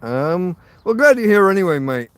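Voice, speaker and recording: A man's voice: sits high, very animated, normal speed, smooth, dry recording. A man hosting a rambling live stream from his phone, sweary and self-deprecating as he rants. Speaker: livestream host. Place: in or by a tent outdoors.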